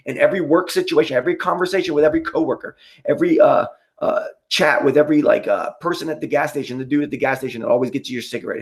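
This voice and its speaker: A man's voice: fairly high pitch, rapid-fire. A man hosting a live stream, ranting in a casual, preachy, profane way and getting worked up.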